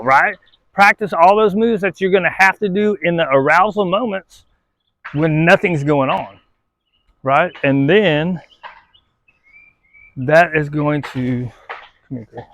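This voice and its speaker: Laid-back guy explaining dog training, slightly high voice, dry close sound, keeps saying right?. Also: no room sound, rough recording. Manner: relaxed, conversational, often checks in with "right?". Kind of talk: casual instructional talk.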